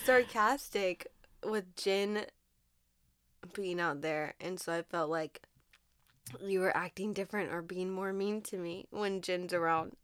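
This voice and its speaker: A woman's voice: on the low side, unhurried, smooth, dry recording. A young adult woman co-hosting a casual podcast chat, laughing and crying through her words. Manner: laughing and crying at once, emotional. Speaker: podcast co-host.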